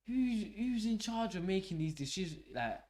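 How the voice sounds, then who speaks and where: A young man hosting a live football watch-along, swearing and shouting at the match as it unfolds. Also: high-pitched, normal speed. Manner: swearing, excitable, shouts at the game. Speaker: fan channel host.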